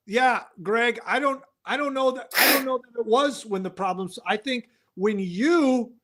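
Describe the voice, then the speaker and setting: A man voicing an aggrieved lone astronaut in an improvised comedy scene, complaining in a low, halting voice. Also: a bit bright.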